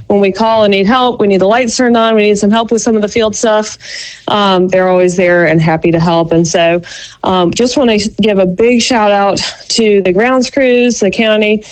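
A woman's voice: mid-range voice, darkish tone, poor audio. Woman, local sports correspondent, chatty and rambling, filler-heavy. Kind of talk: radio call-in report.

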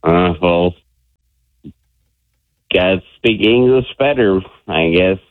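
A man's voice: deep voice, no echo. Mumbling forties man on a phone line. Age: 40s. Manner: mumbling, slow, defensive. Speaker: caller. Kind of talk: phone-in call.

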